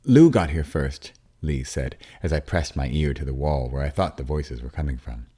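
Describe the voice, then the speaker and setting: A man narrating an audiobook as a father, with a warm storytelling manner, wry asides and the odd dip into a whisper. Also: a bass voice, fairly even intonation, brisk, breathy edge.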